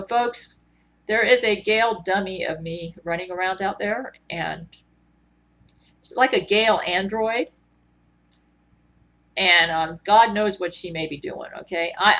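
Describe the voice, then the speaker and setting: A woman's voice: mid-range voice, animated, a little slow, a bit bright. A woman vlogger in a rambling, earnest monologue, full of ums and restarts. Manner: rambling, filler-heavy, earnest.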